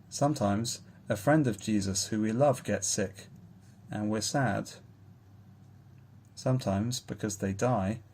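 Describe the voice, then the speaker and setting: A man reading a children's Bible story aloud in a slow, tender storytelling manner. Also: lowish voice, darkish tone, slight background noise. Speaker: reader.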